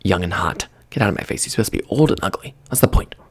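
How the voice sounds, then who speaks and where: A man's voice: sits low, lively intonation, fast, husky. A man ranting in a casual, exasperated monologue. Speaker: vlogger.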